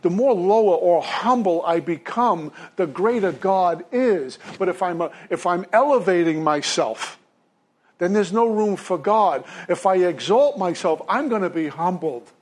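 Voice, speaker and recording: A man's voice: high-pitched, animated, a little slow, darkish tone. A man from Brooklyn, telling his recovery story to a meeting from a podium in a self-deprecating way. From Brooklyn, New York. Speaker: recovery speaker.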